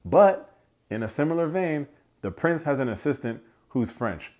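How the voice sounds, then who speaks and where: A man hosting a casual film review, animated, slangy and joking as he rants. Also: fairly high pitch, normal speed. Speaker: movie reviewer, channel host.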